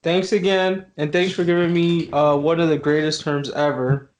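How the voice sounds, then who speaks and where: A man's voice: fairly high pitch, level tone, moderate pace. A man hosting a podcast interview, laid-back and joking, using casual slang. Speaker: podcast host.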